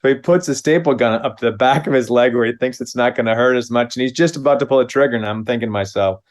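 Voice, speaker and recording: Brief: fifties male comic actor from Minnesota, mid-pitched, spinning an animated anecdote with chuckles and acted-out voices. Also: quick pace. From Minnesota, USA. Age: 50s. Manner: lively anecdote, acts out the other voices with big pitch jumps, chuckles. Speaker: guest, comedy actor. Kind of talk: casual storytelling.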